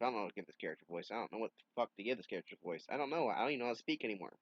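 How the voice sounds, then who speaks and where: A man reads a comic aloud and breaks off for offhand, self-mocking asides with casual swearing. His pitch is lively. The recording is dull and dry. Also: rapid-fire, few pauses, no room sound. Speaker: comic reader. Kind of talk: reading comics aloud with commentary.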